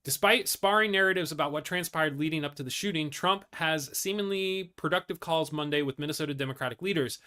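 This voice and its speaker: A man's voice: on the high side, fairly bright tone. A man hosting a casual news commentary show, reading articles aloud with blunt, profane asides and many fillers and restarts.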